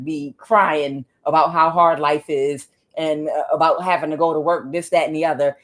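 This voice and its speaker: A woman giving a casual tarot reading, talking emphatically and often checking in with "okay?". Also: low-pitched. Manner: emphatic, keeps asking "okay?", ranting asides. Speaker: tarot reader.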